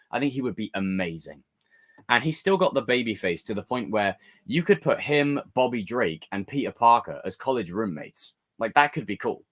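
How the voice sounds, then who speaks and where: A man's voice: lowish voice, fairly bright tone. A man hosts a live stream, reading out viewer chat in a loose, casual way. He gets theatrical when he rants, and his voice rises and falls over a wide range. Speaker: livestream host.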